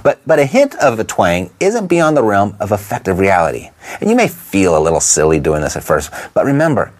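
A man teaching real estate investors how to talk to motivated sellers, in a lively coaching manner that keeps asking the listener rhetorical questions. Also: on the low side, brisk. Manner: briefly imitates a Texan twang. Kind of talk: instructional talk to camera.

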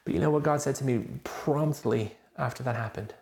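A man, a pastor preaching a sermon and telling a personal story in an animated, self-deprecating way. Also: medium pitch, a little fast, vocal fry, echoey room.

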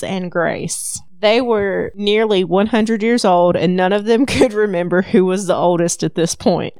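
A woman with a Southern accent hosts a casual podcast, retelling a story with easy laughs. Her voice is smooth and clear at a middle pitch, recorded close and dry. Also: a little mellow, no room sound. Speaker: podcast host. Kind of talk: casual book recap chat.

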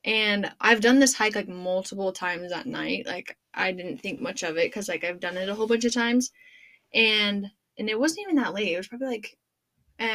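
A young woman hosting a podcast, telling a funny story in casual chat, animated and laughing, full of "like". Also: medium pitch. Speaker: podcast host.

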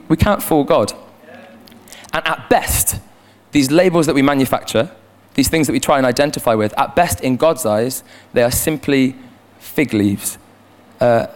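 Earnest young man preaching in church. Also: mid-range voice. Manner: earnest, conversational with frequent restarts. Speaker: youth leader and preacher. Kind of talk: sermon. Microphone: handheld microphone.

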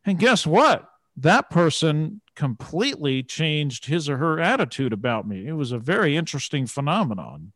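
A man interviewing a guest, telling an anecdote from his past job in a lively way. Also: on the high side, normal speed, few pauses, no echo. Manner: storytelling, animated. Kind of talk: casual conversation.

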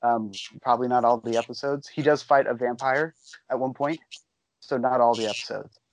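A man's voice: mid-range voice, fairly even intonation, normal speed, no echo, poor audio. A man co-hosting a podcast, chatting casually and rambling with lots of fillers. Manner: rambling, enthusiastic, many fillers. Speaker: podcast co-host. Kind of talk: casual chat.

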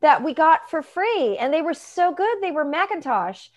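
A woman guest, a nutritionist, telling animated stories with emphatic asides and laughs. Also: high voice. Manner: emphatic, quick asides, laughs between points. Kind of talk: animated storytelling.

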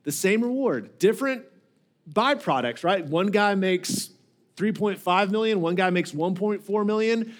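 A man's voice: high-pitched, animated, unhurried. A male lead pastor giving a conversational sermon, often repeating words and putting questions to the congregation.

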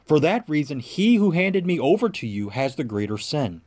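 A man reading the part of a calm condemned prisoner, measured and solemn. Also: on the high side.

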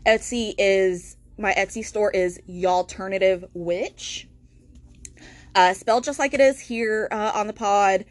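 A woman's voice: medium pitch, measured pace, no echo. Woman, casual solo podcast, rambling, self-deprecating, dry sound. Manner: rambling, self-deprecating, many ums, says y'all. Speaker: podcast host.

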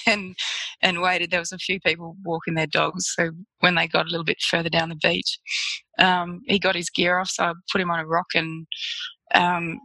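Australian woman guest, chatty storyteller, laughs a lot, bright tense voice, dry close sound. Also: lowish voice, little pitch movement, normal speed, no echo, poor audio. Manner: chatty, laughs often while telling stories. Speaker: guest photographer. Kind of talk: casual storytelling interview.

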